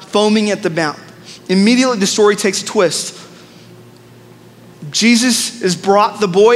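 Male pastor, high voice, storytelling sermon, lively asides, long church reverb, faint room noise. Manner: storytelling, animated with asides to the congregation.

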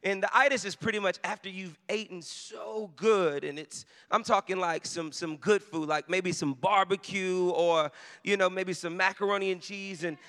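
High, bright-voiced preacher man. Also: steady tone, normal speed. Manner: conversational storytelling that builds to shouted emphasis. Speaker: pastor. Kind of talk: sermon with personal story. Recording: long reverb of a large hall.

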